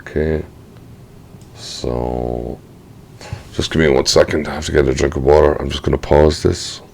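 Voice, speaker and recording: A man with a very deep voice, his low notes gravelly, walks through a software tutorial at his computer. He talks casually, thinks aloud and says sorry when he slips. It sounds like a desk mic indoors. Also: level tone, moderate pace, a little hiss or hum. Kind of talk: screen-recorded software tutorial.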